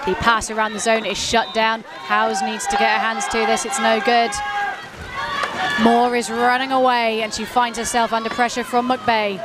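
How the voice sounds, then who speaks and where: A woman calls a live match in quick play-by-play, her voice pitched a little high and lifting into shouts when play turns exciting. A loud crowd and steady outdoor noise sit behind her throughout. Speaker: commentator. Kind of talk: live sports commentary.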